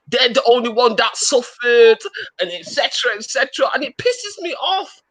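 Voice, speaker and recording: A woman's voice: a little high, expressive, moderate pace, a bit bright, slight background noise. A woman with a Manchester accent talking on a live-stream panel, blunt, profane and confrontational. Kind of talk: heated live-stream talk.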